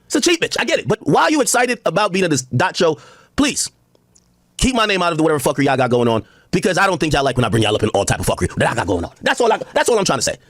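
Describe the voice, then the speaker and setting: A man's voice: on the high side, very animated, racing, a bit bright, no room sound, clean studio sound. A man ranting and mocking on a livestream, profane and laughing, and he says he is drunk.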